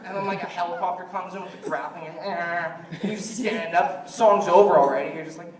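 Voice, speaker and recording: A man with a high voice works through a stand-up comedy set, rambling from one joke to the next and slipping into mock quotes of other people. He is heard from some way off the mic in an echoey room. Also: brisk, far from the mic, crowd noise. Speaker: stand-up comic.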